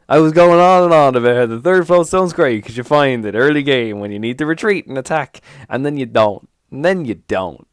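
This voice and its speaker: A young man giving casual, animated commentary as he plays a card game on his channel, swearing and mocking himself. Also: mid-range voice, brisk, hardly any pauses, clean tone, no room sound, clean studio sound. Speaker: gaming YouTuber.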